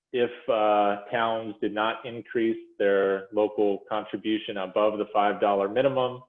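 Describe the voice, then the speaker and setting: Over a video call with phone-like, echoey audio, a man with a lowish voice presents figures to a school funding commission. He walks through slides in a measured, explanatory policy presentation, with frequent fillers and self-corrections.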